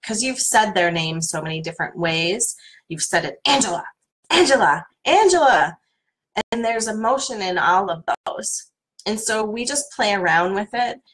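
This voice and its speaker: A middle-aged woman coach leading a guided tapping workshop in a calm, soothing manner. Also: medium pitch, moderate pace, low-quality recording. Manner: calm, soothing guidance with playful repeated names.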